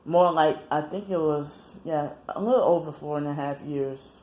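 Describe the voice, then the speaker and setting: A woman talking casually to camera in a personal monologue, rambling, halting and often correcting herself mid-sentence. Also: low-pitched, darkish tone. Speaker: vlogger.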